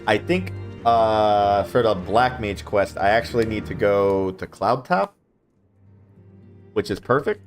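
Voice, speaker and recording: A man casually commenting on his gameplay, mumbling low-key asides to himself. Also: slow, soft background music. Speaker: gamer.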